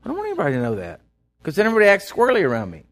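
Pastor with a higher voice. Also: male voice, wildly swooping pitch, racing. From Texas. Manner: conversational, retelling scripture with frequent restarts. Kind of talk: sermon.

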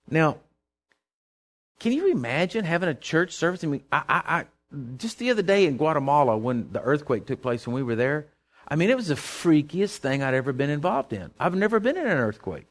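A man preaching a sermon, animated and storytelling, breaking into sudden loud outbursts. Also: on the high side, brisk.

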